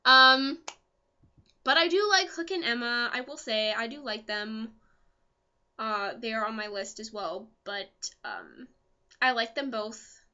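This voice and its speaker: A young woman vlogger chatting casually as an excitable fan, full of ums and asides. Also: on the high side, takes it slowly, clean tone, dull audio. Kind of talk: casual chat.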